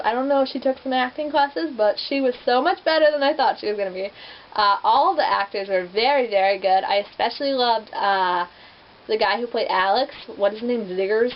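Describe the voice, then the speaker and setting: A young woman reviewing movie adaptations in a casual vlog, chatty and rambling, full of "like" fillers. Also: fairly high pitch. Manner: chatty, rambling, heavy use of "like". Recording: dull lo-fi with faint hiss.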